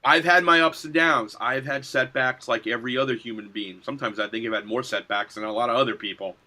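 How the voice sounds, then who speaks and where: With a mid-range voice and quick pace, a middle-aged man guests in a relaxed interview covering his work in film and design. The filmmaker and graphic designer is enthusiastic and lively, laughing readily as he talks.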